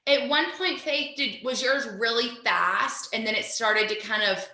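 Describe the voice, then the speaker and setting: A woman teacher with a fairly high, bright voice leads a mindfulness lesson over a video call at a measured pace. She speaks directly to her students in an upbeat, encouraging way, and her voice carries a roomy echo.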